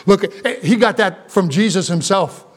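A male pastor preaches to a church congregation in a fairly high voice. He talks in an animated way, with asides and quick restarts as he explains a passage. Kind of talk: sermon.

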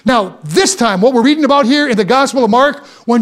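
High-voiced man preaching with fervor. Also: expressive, a little fast, few pauses. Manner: impassioned preaching with repeated words and rising emphasis. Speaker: pastor. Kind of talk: sermon.

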